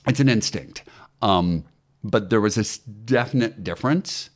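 Very deep-voiced man telling stories. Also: measured pace. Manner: animated, with many fillers and restarts. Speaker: actor and acting teacher. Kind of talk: conversational interview storytelling.

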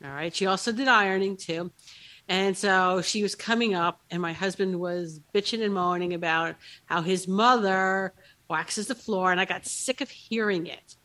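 A woman's voice: medium pitch, moderate pace, a bit bright. A woman on a podcast telling a story from years ago in a blunt, wry way. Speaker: podcast guest, groomer. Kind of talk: casual storytelling chat.

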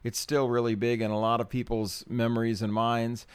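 A man's voice: medium pitch, monotone, normal speed, clear, resonant tone, no room sound. A middle-aged man hosting his own podcast in a chatty, self-deprecating way, with ums and small laughs. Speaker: podcast host. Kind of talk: casual solo podcast talk.

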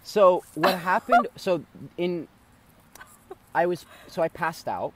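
A man's voice: high voice, lively intonation, slow, heavy background noise. A man casually telling a long story on a podcast, rambling with many fillers and swearing freely. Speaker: podcast co-host.

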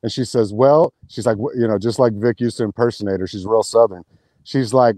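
Mellow-voiced man telling a rambling story. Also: lowish voice, a little fast, no room sound. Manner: rambling, restarts, profane, animated retelling. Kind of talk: casual chat, storytelling.

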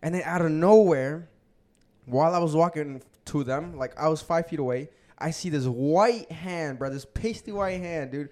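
A young man chats on his podcast in loose, profane slang. He tells stories casually with plenty of filler. His voice sits a little high for a man. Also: moderate pace, darkish tone. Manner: loose storytelling, heavy slang and swearing. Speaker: podcast host. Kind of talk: casual chat.

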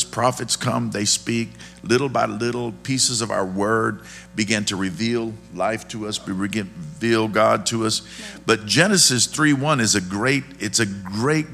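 A man's voice: mid-range voice, gravelly, pushed and bright. A man preaching a conversational, folksy sermon, often checking in with the congregation. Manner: folksy, asks the congregation questions. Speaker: pastor.

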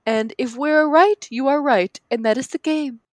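A young woman co-hosting a podcast, excitable and playful in casual chat. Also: high-pitched, moderate pace, no echo, clean studio sound. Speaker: podcast co-host.

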